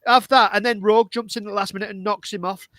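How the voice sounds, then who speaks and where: A man from northern England with a Northern English accent, co-hosting a casual podcast discussion, animated and indignant as he acts out speeches. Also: high voice, fast, no echo. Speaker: podcast co-host.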